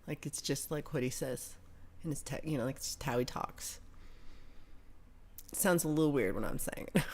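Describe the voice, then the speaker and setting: A woman's voice: sits low, a little mellow. An American woman hosting a livestream, chatting casually and reading viewer comments aloud in a rambling way, with casual swearing. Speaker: livestream host.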